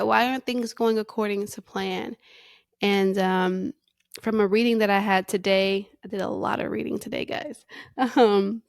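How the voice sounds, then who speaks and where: A woman's voice: mid-range voice, no room sound. Woman, faith podcast host, candid and emotional, near tears, dry close sound. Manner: candid and emotional, with restarts and soft laughs. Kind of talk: personal reflective monologue.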